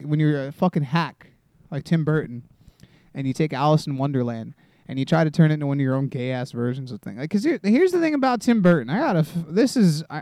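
A man's voice: fairly high pitch, darkish tone, no echo, studio quality. A man in his twenties hosting a solo comedy podcast, rambling and self-deprecating, swearing often and restarting his sentences. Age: 20s. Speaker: podcast host.

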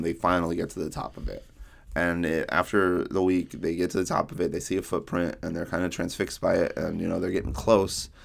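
A man co-hosting a podcast, talking through a book in casual chat and rambling through retold scenes with quick quotes from the characters. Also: deep voice, gravelly. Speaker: podcast co-host.

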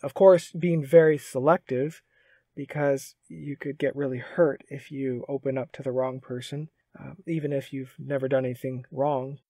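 A man's voice: mid-range voice, steady tone, moderate pace, dark tone, no room sound. A man co-hosting a podcast, talking earnestly and reflectively in a testimony-like way and quoting scripture as he goes. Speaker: podcast co-host. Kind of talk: reflective faith discussion.

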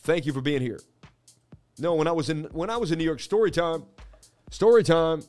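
A man's voice: fairly high pitch, fast talker, a little mellow, soft background music. A man hosting a crypto livestream, chatting casually and joking as he rambles into a story. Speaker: crypto market streamer.

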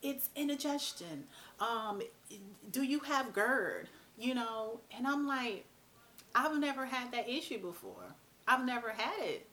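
A woman's voice: on the high side, measured pace. Chatty woman vlogger. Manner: animated, chatty, blunt, mild cursing. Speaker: vlog host. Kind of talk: casual talk to camera.

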